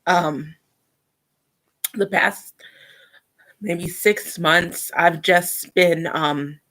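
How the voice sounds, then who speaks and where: Young woman, vlogger, slightly low voice, reflective, halting, earnest. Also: fairly bright tone. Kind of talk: casual personal vlog talk.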